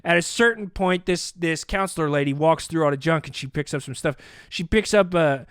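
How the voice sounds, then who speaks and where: A man hosting a podcast, telling a comic story with animated delivery and acted-out voices. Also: on the high side, brisk, clear, resonant tone, no echo, clean studio sound. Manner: animated, acts out quoted voices. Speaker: podcast host. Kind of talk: comedic storytelling.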